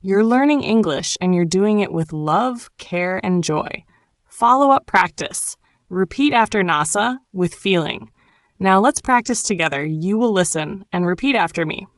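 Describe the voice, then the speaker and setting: A woman teaching an English lesson, narrating a simple story and gently coaching learners to repeat words, with warm encouragement. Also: medium pitch, expressive, a little slow, no room sound, clean studio sound. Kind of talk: slow ESL lesson narration.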